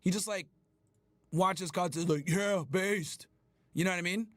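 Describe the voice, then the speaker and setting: A man hosting a livestream, ranting at his chat in a loud, profane, emphatic way. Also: sits high, normal speed, no echo. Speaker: livestream host. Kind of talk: casual livestream rant.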